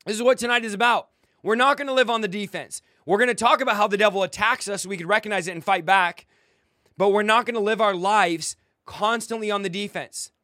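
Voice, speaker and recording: A man's voice: high voice, a little fast, pushed and bright, no room sound, studio quality. A young man preaching a fiery, confrontational sermon, mocking his critics and commanding listeners to fight. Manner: exhorting, commanding.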